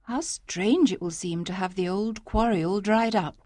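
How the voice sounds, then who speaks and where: A woman reading a story aloud, voicing a gentle, hopeful young village girl who speaks earnestly. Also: mid-range voice, normal speed, no room sound, clean studio sound, pitched above the performer's own voice, close to an everyday voice.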